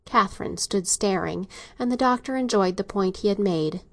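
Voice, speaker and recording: A woman narrating a classic novel in a steady, even storytelling manner. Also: mid-range voice, normal speed. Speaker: audiobook narrator. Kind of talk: scripted narration.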